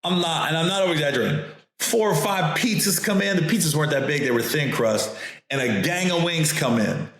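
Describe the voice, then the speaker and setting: A man, a comedian and host, telling a story in a casual, animated way, acting out the voices of others and laughing often. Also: on the high side, a little fast, very echoey.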